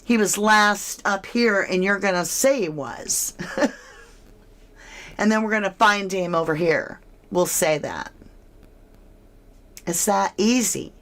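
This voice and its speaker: A woman's voice: mid-range voice, slow, long pauses, fairly bright tone. A woman giving casual, speculative true crime commentary, asking her listeners questions as she goes.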